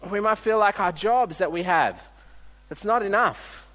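A male pastor delivers a conversational sermon, telling everyday stories and restarting his sentences as he goes. His voice sits a little higher than most men's. It rings out with the long reverb of a large church hall. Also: normal speed, fairly bright tone. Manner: conversational, storytelling with frequent restarts.

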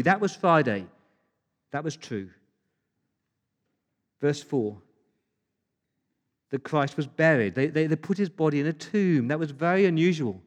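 A man's voice: fairly high pitch, animated, unhurried, long pauses. A man preaching an Easter sermon, emphatic and full of rhetorical questions. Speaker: pastor. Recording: long hall reverb.

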